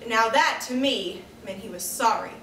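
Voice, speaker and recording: A woman performing a first-person dramatic monologue in a measured, reflective manner, like reading from a diary. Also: a little high, fairly bright tone, slight background noise. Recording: echoey room, distant camera mic.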